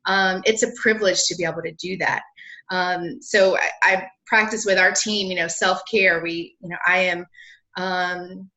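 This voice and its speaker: Bubbly Southern woman with a bright voice. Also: on the low side, steady tone. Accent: Southern US, South Carolina. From South Carolina. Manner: bubbly, laughs often, talks in quick asides. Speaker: guest, lawyer and blogger. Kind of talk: casual podcast interview.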